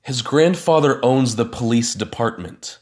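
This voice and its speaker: A man voicing a boastful, blustering brother-in-law who rants loudly and indignantly. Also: medium pitch, unhurried, voice pushed up, natural voice. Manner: loud indignant ranting.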